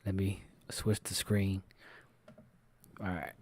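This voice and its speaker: A man hosting a live stream, setting up and commenting on videos in a relaxed, casual way. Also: low-pitched, slow, a little hiss or hum. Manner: laughing, amused asides.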